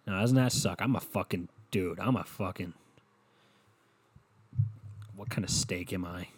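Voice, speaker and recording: A man's voice: low voice, measured pace, slightly rough. A young man hosting a solo comedy podcast, rambling and swearing and laughing at his own jokes. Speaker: podcast host.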